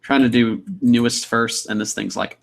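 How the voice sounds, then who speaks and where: A man's voice: mid-range voice, steady tone, moderate pace, gravelly. A young man, chatting casually on a livestream, reading out viewer comments in an upbeat, rambling way. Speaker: livestream host.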